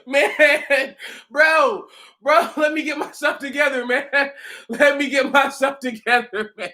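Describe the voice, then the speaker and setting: A man ranting casually and profanely, mocking someone, often breaking into loud laughter and shouts while a little tipsy. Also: very high-pitched, steady tone, slow pace. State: tipsy from drinking. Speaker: commentator reacting to a commenter. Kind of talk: casual reaction rant.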